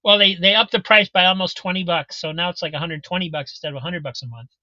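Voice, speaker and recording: A man's voice: high-pitched, fast, bright, forceful tone, no echo, highs cut off. A man on a video call explaining things at length in a rambling way, repeating words as he goes. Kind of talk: casual chat on a video call.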